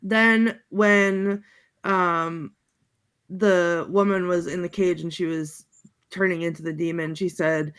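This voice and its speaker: A woman on a panel chatting casually, halting with many ums and little laughs as she runs through her notes. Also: on the low side, steady tone, a bit bright, clear, resonant tone. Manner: chatty, halting, reads out movie quotes with giggles and many ums. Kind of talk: casual chat.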